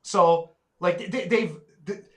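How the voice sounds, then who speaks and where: A man's voice: high-pitched, slow pace, fairly bright tone. A man, ranting profanely as a podcast co-host in heated casual talk. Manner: profane, ranting, heavy swearing.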